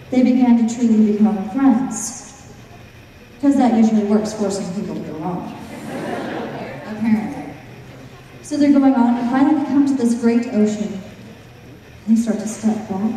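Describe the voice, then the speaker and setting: A woman's voice: a little high, dark tone, a little hiss or hum. A woman telling a folk tale to an audience, breaking in with dry, joking asides. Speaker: storyteller. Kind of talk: storytelling with wry asides. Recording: echoey hall, far from the mic.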